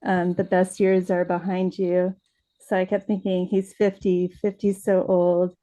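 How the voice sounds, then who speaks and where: A woman's voice: lowish voice, flat delivery, a little slow, mellow. A woman on a video call telling a personal family story earnestly, acting out the quoted lines. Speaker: workshop participant.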